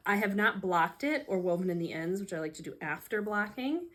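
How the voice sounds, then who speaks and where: A woman's voice: medium pitch, animated, brisk, few pauses, fairly bright tone. Chatty self-mocking woman vlogger, lilt. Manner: self-deprecating, sarcastic, laughs a lot. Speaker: hobby vlogger. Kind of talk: casual chatty vlog. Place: home room, seated at a tray table. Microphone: phone camera.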